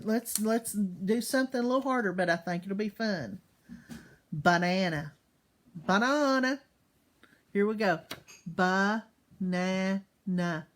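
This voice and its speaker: A woman teaching young children in a slow online class, patiently sounding out words syllable by syllable. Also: medium pitch.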